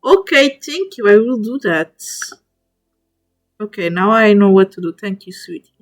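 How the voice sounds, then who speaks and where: Faint music plays behind a woman streamer who is sorting spiders into a tier list. Speaking animatedly at a measured pace in a medium pitch, she talks casually to viewers, fawns over each animal while speaking to it directly, and frequently breaks off and restarts mid-word.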